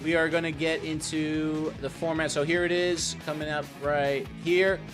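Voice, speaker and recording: A man's voice: fairly high pitch, flat delivery, moderate pace, over music. A man presenting a quiz game segment over a call, upbeat and playful as he explains the rules. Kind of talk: game show style hosting.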